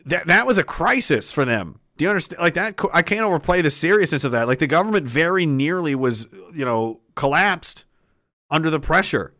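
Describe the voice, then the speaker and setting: A man's voice: a little high, animated, a little fast, sharp tone, no room sound, studio quality. A man talking politics in a rambling, profane way, laughing often. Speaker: commentator. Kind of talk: political commentary vlog.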